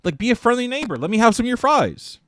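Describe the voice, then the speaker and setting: A man's voice: extremely high pitch, big pitch swings, fast talker, voice pushed up, full character voice. A man voicing a rude stranger who steals fries and acts offended when he is told off. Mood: indignant. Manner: indignant, shouting profanity.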